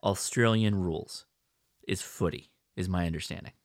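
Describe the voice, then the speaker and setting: A man's voice: low voice, moderate pace, no echo, studio quality. An American man co-hosting a podcast, talking in a playful, rambling way and often correcting himself. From United States. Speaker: podcast co-host. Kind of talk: casual chat.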